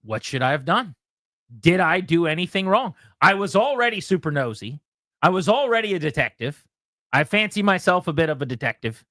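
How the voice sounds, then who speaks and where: Animated man telling a story on the radio. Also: on the high side, a little fast, no room sound, clean studio sound. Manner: animated storyteller, acts out voices in quotes. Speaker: radio show host. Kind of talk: casual sports radio chat, telling a story.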